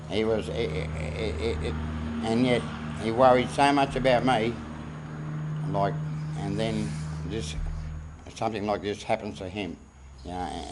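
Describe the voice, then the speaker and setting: A man giving a halting, heartfelt eulogy for his brother at a funeral, close to tears. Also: lowish voice, darkish tone, slight background noise, rough recording. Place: funeral service.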